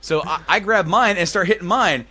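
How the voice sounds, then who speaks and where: Bright, high-voiced male podcast co-host. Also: a little fast, dry recording. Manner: laughs often, casual and profane. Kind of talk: casual chat.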